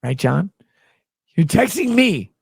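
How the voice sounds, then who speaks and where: A man with a husky, slightly rough voice rants on a livestream with sarcastic, profane scorn. His pitch swings widely between low mutters and sharp jabs. The recording is close and dry. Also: big pitch swings, takes it slowly, no echo. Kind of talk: livestream rant.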